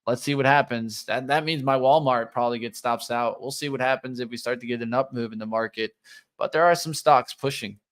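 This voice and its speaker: A man's voice: medium pitch, a little fast, fairly bright tone. A man co-hosting a live trading show, giving running play-by-play of price moves and his trades. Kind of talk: live market commentary.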